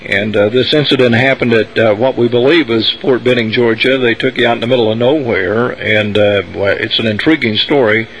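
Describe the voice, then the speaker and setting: A man's voice: medium pitch, fairly even intonation, brisk, few pauses, a bit bright, breathy edge, poor audio. A man hosting a radio talk show, interviewing a guest in a hesitant way full of fillers and restarts.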